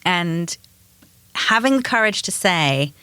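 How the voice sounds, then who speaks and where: A woman co-hosting a podcast, telling a personal story in quick, animated bursts. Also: lowish voice, clear, resonant tone, no room sound. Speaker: podcast co-host. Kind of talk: casual chat.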